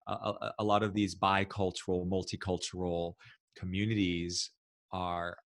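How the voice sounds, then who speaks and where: A man from New City, a guest in an interview, talking in a reflective, halting way with frequent restarts. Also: sits low, level tone, fairly bright tone, no echo, clean studio sound. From New York City. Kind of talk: casual interview talk.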